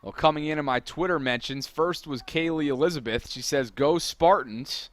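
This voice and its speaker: A man doing live play-by-play commentary for a college soccer broadcast, steady between plays and rising to shouted calls on big moments. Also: a little high, normal speed, no room sound.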